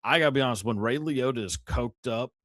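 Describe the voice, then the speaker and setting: A man hosting a casual movie podcast, who reads out the categories and agrees with his guest a lot in a relaxed way. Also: medium pitch, fairly quick, no room sound, clean studio sound. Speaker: podcast host.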